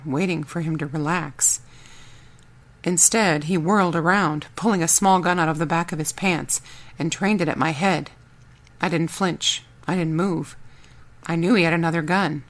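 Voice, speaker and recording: A woman reading a first-person audiobook in a steady, measured storytelling voice. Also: fairly low pitch. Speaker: audiobook narrator.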